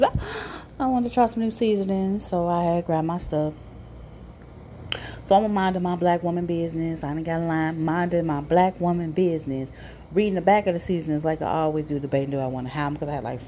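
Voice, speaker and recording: Animated slangy woman telling a storytime. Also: sits low, a little hiss or hum. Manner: animated, slangy, laughing, incredulous. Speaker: podcast storyteller. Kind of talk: casual storytime.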